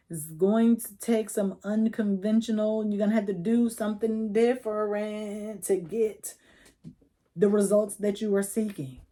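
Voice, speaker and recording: Chatty woman reading tarot, mellow tone. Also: mid-range voice. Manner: chatty, coaching, slangy, laughs often. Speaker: tarot reader.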